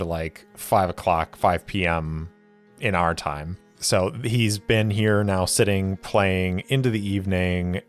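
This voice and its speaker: A man narrating a solo tabletop role-play as game master, in a measured, deliberate storytelling manner. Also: deep voice. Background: faint music.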